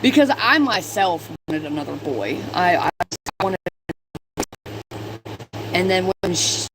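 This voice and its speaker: A woman's voice: on the low side, slow. A woman in her twenties telling stories in a casual, profane way while doing her makeup for a vlog. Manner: chatty, profane storytelling. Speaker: vlogger. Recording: steady background noise.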